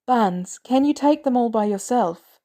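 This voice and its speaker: An exhausted, frightened aunt pressing with urgent questions, as a woman reads her. Her voice lifts higher than the narration, warm and mellow underneath. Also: lively intonation, unhurried. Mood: anxious.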